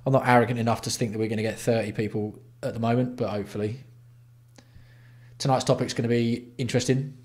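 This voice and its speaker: An Englishman hosting a casual livestream, talking bluntly and swearing freely as he greets his viewers by name. His voice sits at an ordinary middle pitch for a man. He banters loosely with the chat between topics. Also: fairly even intonation, fast talker, darkish tone. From England. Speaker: livestream host.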